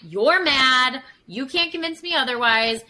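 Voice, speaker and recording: A woman's voice: sits high, lively intonation, measured pace, pushed and bright, low-quality recording. A woman psychotherapist talking casually as a podcast guest, full of fillers and acting out examples as she explains. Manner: chatty, many fillers, acts out examples.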